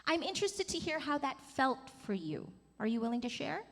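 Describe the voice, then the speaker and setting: Speaking a little fast with big pitch swings, a high-voiced woman in her thirties coaches singers at a workshop. She demonstrates vocal sounds and coaxes the group to participate, her words echoing with long reverb in a large conference hall.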